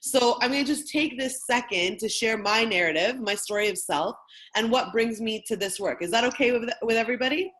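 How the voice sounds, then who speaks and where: A woman in her thirties leading a training session and telling a personal story in a candid, lively, conversational way. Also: a little high, a little fast. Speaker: workshop facilitator.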